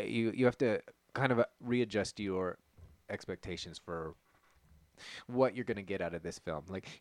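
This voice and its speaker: A man's voice: low-pitched, no echo. A man in a casual movie discussion, explaining his view at length and analytically.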